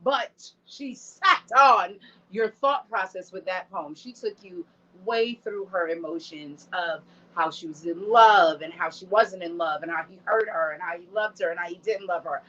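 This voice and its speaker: A woman hosting a show, bantering playfully with guests in an animated way. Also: on the low side. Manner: animated, playful, drawn-out exclamations. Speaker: show host. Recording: dull lo-fi sound.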